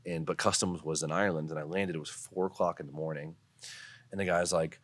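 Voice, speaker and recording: Deep-voiced man telling a wild story. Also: fast talker, no echo. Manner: animated storyteller, swears, laughs often. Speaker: podcast guest, car builder and drifter. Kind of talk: casual storytelling chat.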